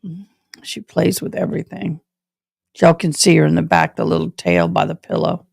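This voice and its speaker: A woman's voice: low voice, sing-song, moderate pace, vocal fry, darkish tone, no echo, studio quality. A woman hosting a live stream from her home, chatting casually and talking straight to her viewers. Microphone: camera setup.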